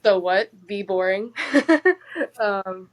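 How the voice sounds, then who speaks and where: A friendly woman chats casually on a podcast, encouraging the others at a middling pitch. Her talk is loose and chatty, with many fillers and restarts. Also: fairly even intonation, takes it slowly, a crowd in the background. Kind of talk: casual conversation.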